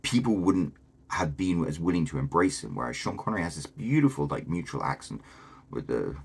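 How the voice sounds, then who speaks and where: Deep-voiced posh English man. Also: big pitch swings, a little fast, vocal fry, a little mellow, a little hiss or hum. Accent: posh southern English. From Britain. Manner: chatty, enthusiastic, opinionated. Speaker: video host. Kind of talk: casual talking-head commentary.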